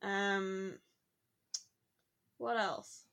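Woman, casual chat, reflective, quick to laugh. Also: medium pitch, fairly even intonation, a bit bright, clean tone. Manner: chatty, reflective, laughs easily.

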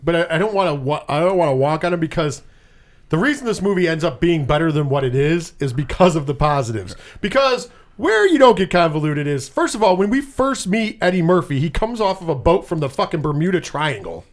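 Animated man, high lively voice. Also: a little fast. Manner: animated, profane, quotes scenes in put-on voices. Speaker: podcast host. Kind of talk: casual movie review chat.

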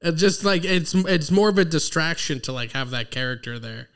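A man's voice: a little high, animated, moderate pace, a bit bright, clean tone. A man co-hosting a casual chat, easygoing, often laughing along and stammering a little at the start of his thoughts. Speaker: podcast co-host.

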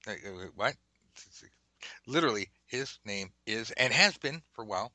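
A man's voice: fairly low pitch, lively intonation, normal speed, pushed and bright, dry recording, rough recording. A man hosting a casual tarot lesson podcast, rambling and chatty, drifting into side stories and the odd swear word. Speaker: podcast host teaching tarot.

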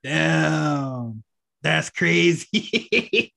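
A man's voice: mid-range voice, normal speed. Laid-back man chatting casually. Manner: laid-back, laughs often, swears freely. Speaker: podcast co-host. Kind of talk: casual chat about wrestling.

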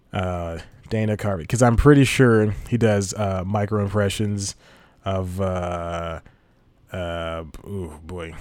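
A man's voice: lowish voice, darkish tone, no room sound. A man hosting a casual solo podcast, rambling and laughing at his own jokes. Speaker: podcast host.

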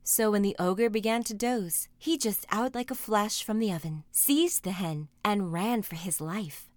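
A woman reading a fairy tale aloud, expressive and dramatic. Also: medium pitch, unhurried, dry recording. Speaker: storyteller. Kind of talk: storybook reading.

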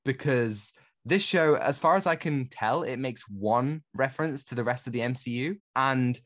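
A man's voice: mid-range voice, normal speed, fairly bright tone. A man co-hosting a podcast, talking through a television series in a casual, enthusiastic review chat. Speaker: podcast co-host.

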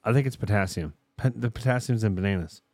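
A man's voice: fairly low pitch, quick pace, darkish tone, no echo. A man hosting a casual podcast, telling stories with lots of swearing and laughter. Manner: profane, storytelling, laughs often. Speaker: podcast host.

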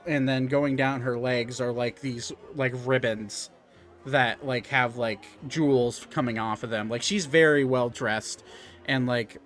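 A man's voice: medium pitch, fairly even intonation, measured pace, a bit bright, faint music behind. A young man narrating as game master, rambling with lots of fillers and restarts. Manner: rambling with fillers, jumps into character voices.

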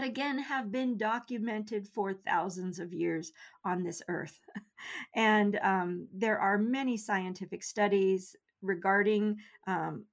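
Interview guest, middle-aged woman, earnest and measured storyteller. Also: mid-range voice.

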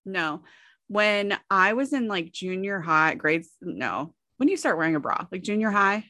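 A woman chatting candidly and reading out questions, her voice swinging up and down with plenty of fillers and quick giggles. She sounds close and dry, with no room around her. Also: mid-range voice, expressive, pushed and bright, no echo. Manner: giggly, frank, filler-heavy. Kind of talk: casual chat.

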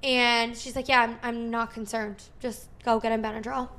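Animated woman telling a story. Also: a little high, moderate pace. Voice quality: frequent "like" fillers, animated retelling with quoted dialogue. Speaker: podcast host. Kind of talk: casual storytelling chat.

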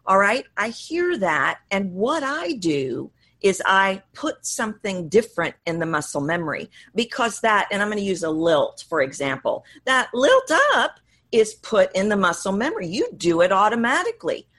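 Woman voice coach, super animated, swoops all over when she talks, guest on a show. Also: medium pitch, normal speed. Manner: animated, demonstrates voices mid-sentence. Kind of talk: interview guest explaining.

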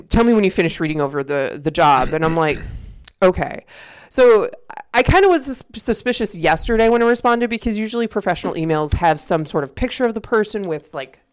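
A young woman co-hosting a podcast at a desk mic, telling a story in a lower, smooth, clear voice. She talks loosely, swearing freely and laughing between lines. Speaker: podcast co-host. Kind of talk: casual chat.

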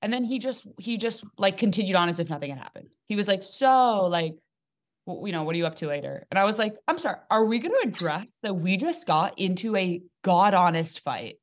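A young adult woman comedian telling a dating story in casual podcast chat, animated and joking, with quick asides. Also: mid-range voice. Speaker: comedian guest.

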